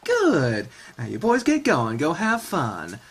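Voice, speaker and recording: A man doing a brisk, motherly woman. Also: on the high side, wildly swooping pitch, breathy edge, exaggerated voice.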